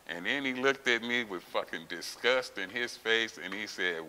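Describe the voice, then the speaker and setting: A middle-aged man, a former champion weightlifter, telling his story in a gym with heavy profanity and loud, acted-out outbursts. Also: lowish voice, a little fast, hardly any pauses. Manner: profane, emphatic, acts out quotes with loud outbursts. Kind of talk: candid interview storytelling. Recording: long reverb with faint hiss.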